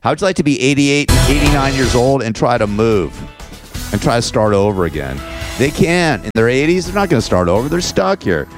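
A man's voice: mid-range voice, sing-song, a little fast, over music. Ranting, profane male talk-show host. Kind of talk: radio show monologue.

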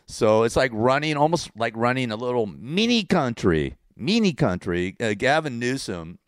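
A man from California, speaking with a Californian accent in a mid-range voice with big pitch swings and a moderate pace, rants sarcastically about politics to camera. He rambles, repeats himself and laughs at his own humor, captured in a dry, studio-quality recording.

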